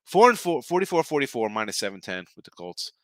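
A man hosting a sports betting picks show who calls himself an old guy, ranting in a gruff, sarcastic, scolding way with repeated short jabs before running through his picks. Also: mid-range voice, big pitch swings, quick pace, no room sound. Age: older.

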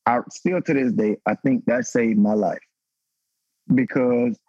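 Warm in tone and unhurried, a man in his thirties who formerly played football tells a raw, emotional, profanity-laced story on a podcast panel, his pitch climbing when stirred. The recording has no room sound but dull audio.

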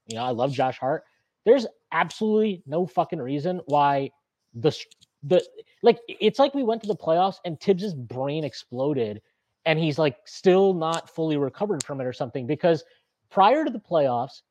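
Guy venting on a sports pod, kinda husky, slightly high voice, dry close mic, lots of restarts. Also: no room sound. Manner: opinionated, animated, swears, frequent restarts. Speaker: podcast co-host. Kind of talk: casual sports podcast rant.

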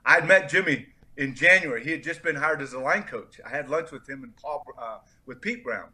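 Speaking a little fast in a fairly high voice, this middle-aged former football player from California spins stories during a podcast interview. He brings them to life by performing the lines of whoever he's quoting.

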